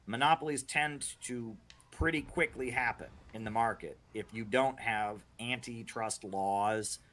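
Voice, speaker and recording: A man's voice: mid-range voice, measured pace, a bit bright. A man streaming and chatting casually through viewer questions, rambling with many restarts and frequent "right?" and "you know" asides. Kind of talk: casual livestream chat.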